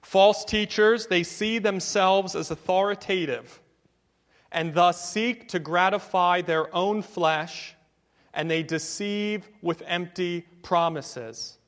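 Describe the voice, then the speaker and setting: A man's voice: high voice, slow, big-room sound. A man preaching a sermon as pastor, with an emphatic cadence built on repetition.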